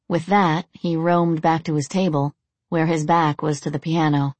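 A woman narrates an audiobook in a low voice at a moderate pace, telling the story steadily and evenly. The recording is dry.

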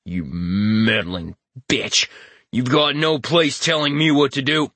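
A man voicing a drunk, hateful male hunter who shouts and snarls in a slurred, raised voice. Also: mid-range voice, fairly even intonation, slow, no echo. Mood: hostile drunk.

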